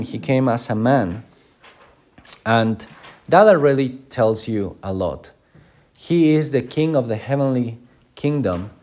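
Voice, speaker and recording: A male pastor teaching a Sunday school class, animated and acting out quoted lines. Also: medium pitch. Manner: frequent fillers and restarts.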